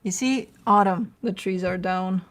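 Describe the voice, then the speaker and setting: A woman with a voice of ordinary, mid-range pitch chatting loosely to her live-stream viewers from home. She drifts into fond, cooing talk with her dogs, fussing over them as she goes. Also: unhurried, a little hiss or hum. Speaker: tarot reader hosting a live stream. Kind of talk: casual live-stream chat.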